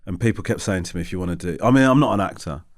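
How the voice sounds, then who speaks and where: A man hosting a casual interview, self-deprecating and quick to laugh, often restarting his sentences. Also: low voice. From England. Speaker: host.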